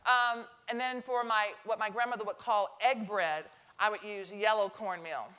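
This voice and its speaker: A middle-aged woman with a Southern American drawl leads a live cooking demonstration on a stage kitchen. Her voice is bright and forceful, and her pitch sits in a middle range. She talks to the crowd in a chatty way and cracks jokes as she cooks. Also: fairly even intonation, normal speed, smooth. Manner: chatty, joking, talks to the audience.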